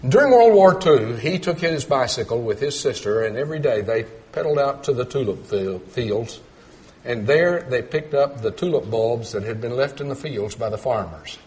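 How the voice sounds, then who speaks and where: A middle-aged man preaching a sermon, telling folksy stories and swinging between loud emphatic points and quiet low asides. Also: lively intonation, normal speed. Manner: storytelling with folksy humor.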